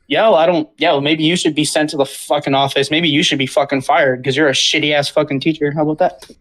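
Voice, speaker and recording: A man's voice: a little high, a little fast, a bit bright, poor audio. Young man ranting on a podcast. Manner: ranting, swears a lot, apologizes after. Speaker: podcast host. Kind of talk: casual podcast chat.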